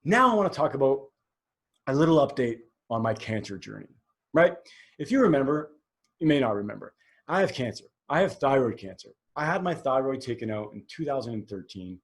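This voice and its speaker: A forties-aged podcast host speaks by himself in a sing-song, medium-pitched voice at a fairly quick pace. He's frank and wandering, leaning heavily on fillers and restarts.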